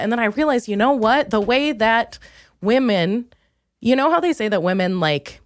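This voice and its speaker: Young woman comic rambling on her podcast, self-mocking, pops up into squeaky excited bits, dry close mic. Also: normal speed, no echo. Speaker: comedian podcast host. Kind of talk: casual comedic monologue.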